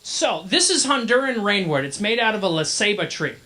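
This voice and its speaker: Brief: male emcee, bright voice, chatty joking banter on a handheld mic. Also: sits high, sing-song, brisk. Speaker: masquerade emcee. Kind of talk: live emcee storytelling. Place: convention event hall. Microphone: handheld microphone.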